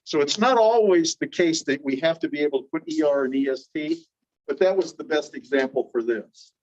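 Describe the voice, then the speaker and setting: Male teacher, slightly high voice, patient classroom explainer, dull lo-fi recording. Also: lively intonation, fairly quick, darkish tone. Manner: patient, calls on students by name. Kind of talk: classroom grammar lesson.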